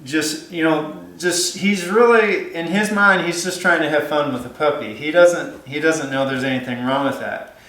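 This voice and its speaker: A man's voice: on the high side, normal speed, a bit bright, echoey room, poor audio. A man giving dog-training advice in a casual, rambling way, with many fillers and restarts.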